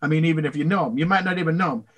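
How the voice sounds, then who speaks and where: An older man, a voice actor, answering interview questions in a rambling, animated way, slipping into voices. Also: fairly high pitch, racing, husky. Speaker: voice actor guest.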